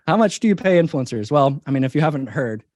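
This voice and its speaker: Emphatic man pitching a business idea. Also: sing-song, brisk, darkish tone, no room sound, clean studio sound. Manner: emphatic, persuasive, repeats key points. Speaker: company CEO, interview guest. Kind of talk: business interview answers.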